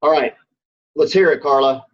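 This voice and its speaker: A man's voice: a little high, moderate pace, muffled recording. A man co-hosting a casual talk show, encouraging and steering the conversation. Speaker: co-host. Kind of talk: casual chat.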